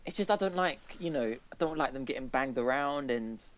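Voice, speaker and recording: A man's voice: mid-range voice, lively intonation, brisk. Rambling man on a casual podcast. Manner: rambling, laughing, unsure. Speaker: podcast co-host. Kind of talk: casual chat. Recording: dull lo-fi podcast audio.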